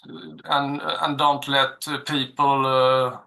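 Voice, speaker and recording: A middle-aged man with a Swedish accent, a guitarist and songwriter answering interview questions plainly, pausing with fillers. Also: mid-range voice, little pitch movement, creaky, bright, forceful tone. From Sweden.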